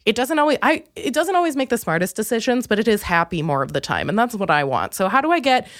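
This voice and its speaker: A young woman comedian hosting her podcast, rambling through a casual comic monologue with self-mocking asides and sudden high excited quotes. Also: fast talker, no room sound, studio quality.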